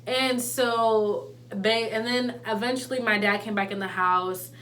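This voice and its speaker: Bright animated young woman storyteller. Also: on the high side, measured pace, a little hiss or hum. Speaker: vlogger. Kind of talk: casual storytime.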